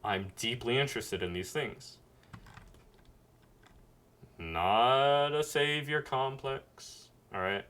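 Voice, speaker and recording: A man's voice: on the low side, sharp tone, a little hiss or hum. A man streaming a casual, earnest and rambling monologue, reflecting on himself at his computer mic. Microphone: webcam mic at a computer.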